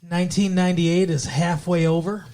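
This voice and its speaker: A man's voice: high-pitched, flat delivery, normal speed, a little mellow. A man co-hosting a comedy podcast, chatting playfully and reading entertainment headlines aloud. His delivery moves between banter and mock news-anchor reading. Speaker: podcast co-host. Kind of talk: comedic podcast chat in 1998 character.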